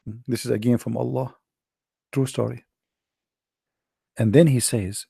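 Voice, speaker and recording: A man delivering a mocking, sarcastic monologue in non-native English, drawling out quoted passages slowly and deliberately. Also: medium pitch, sing-song, creaky, warm tone, husky, dry recording, clean studio sound. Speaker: religion critic commentator.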